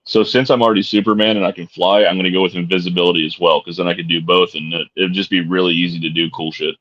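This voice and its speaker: A man's voice: low-pitched, little pitch movement, fast talker. A middle-aged man co-hosting a podcast, chatting casually with a laid-back, joking and profane manner. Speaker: podcast co-host. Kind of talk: casual chat. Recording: dull lo-fi sound.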